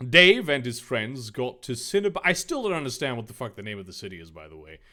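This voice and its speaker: A man's voice: medium pitch, sing-song, a little fast, bright, forceful tone. A young man reading fan fiction aloud for comedy, with sarcastic asides and swearing.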